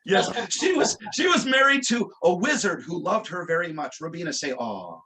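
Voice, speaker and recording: High, bright-voiced joking male magician. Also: moderate pace. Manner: playful, teasing, animated asides. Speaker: stage magician. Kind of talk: comedic storytelling magic act.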